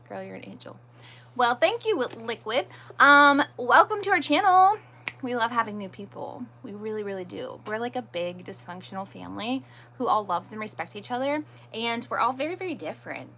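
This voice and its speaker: Her mid-range voice sounds pushed and bright against slight background noise. She hosts a casual live stream, answering comments on the fly, teasing herself and holding firm when viewers get pushy.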